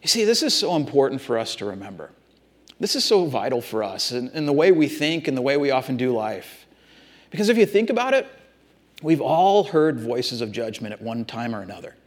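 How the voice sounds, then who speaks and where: A man's voice: medium pitch, sing-song, fairly quick. A man preaching a sermon, talking straight to his congregation in an earnest, repetitive way. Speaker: pastor.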